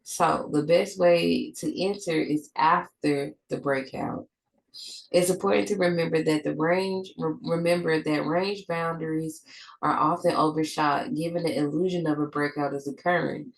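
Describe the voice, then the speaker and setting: A woman's voice: low voice, fairly even intonation, normal speed, gravelly, poor audio. A woman with a stuffed-up nose, reading a trading lesson from her notes, with slips and restarts. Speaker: trading educator.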